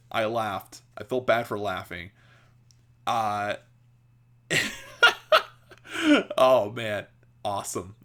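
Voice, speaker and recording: Slow, rambling man who laughs a lot. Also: medium pitch, fairly bright tone. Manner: rambling, laughs often, many restarts and "like" fillers. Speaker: podcast host. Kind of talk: casual storytelling chat.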